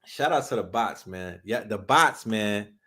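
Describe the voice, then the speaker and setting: A man's voice: fairly low pitch, animated, a little slow, sharp tone, breathy edge. A man from New York hosting a casual livestream, talking hip hop in loose slang and reacting to comments from chat. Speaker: livestream host.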